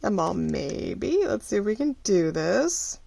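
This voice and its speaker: A middle-aged woman running a small shop, chatting casually and rambling while she crafts, full of fillers and lively ups and downs. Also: medium pitch, slow, vocal fry, no echo. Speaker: craft vlogger and shop owner.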